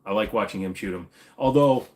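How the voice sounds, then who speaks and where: Minnesotan male host, very low voice, blunt opinions, casual Q&A. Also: a little fast. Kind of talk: casual livestream Q&A.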